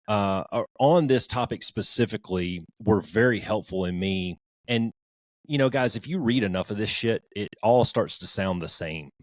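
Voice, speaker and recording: Low-voiced guy on a podcast, rambly and casual, dry close sound. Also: no room sound. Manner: rambling, frequent restarts, informal and a bit profane. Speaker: podcast co-host.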